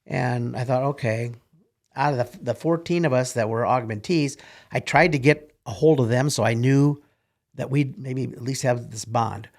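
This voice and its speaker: A man's voice: mid-range voice, normal speed, darkish tone. An older man, a retired military officer, telling folksy rambling stories in an interview. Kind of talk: casual storytelling in an interview.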